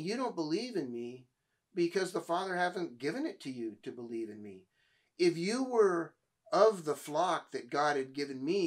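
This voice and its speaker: Man preaching with a slightly high voice. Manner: reads scripture aloud and explains it conversationally; frequent repeated words and restarts. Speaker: pastor. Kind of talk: sermon.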